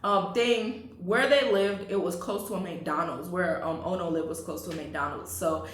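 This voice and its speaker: Chatty and laughing a lot, this young adult vlogger addresses her viewers as y'all while telling a storytime. She speaks at normal speed in a lowish voice; there's slight background noise and a roomy echo.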